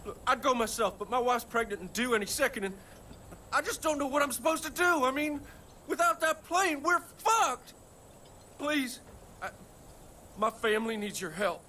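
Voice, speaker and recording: A desperate pilot from a video game, pleading and swearing as he begs for help. His voice is high and bright. Faint noise hums behind him. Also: a little fast. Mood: panicked. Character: desperate young father, frantic pilot.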